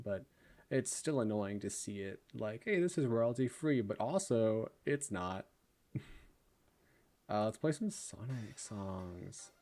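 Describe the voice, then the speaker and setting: Young man streaming, laid-back and chatty. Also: medium pitch. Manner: relaxed, chatty, laughs often, thinks aloud. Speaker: livestream host. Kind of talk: casual livestream chat.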